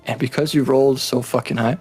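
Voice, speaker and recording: A man's voice: mid-range voice, fairly even intonation, a little fast, a little mellow, husky, soft background music. A man narrating a tabletop game as game master, who jokes, swears and teases his players. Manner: laughing, swearing, playful teasing.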